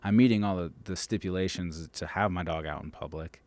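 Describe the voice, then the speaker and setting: Blunt deep-voiced man, dog trainer. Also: fairly quick, darkish tone. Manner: blunt, emphatic, swears freely. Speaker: dog trainer, podcast guest. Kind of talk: casual chat.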